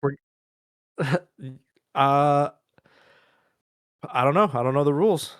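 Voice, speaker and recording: A man's voice: on the high side, slow, clean tone, no echo. A man co-hosting a podcast, chatting casually in a hesitant, rambling way. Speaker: podcast co-host. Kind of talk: casual chat.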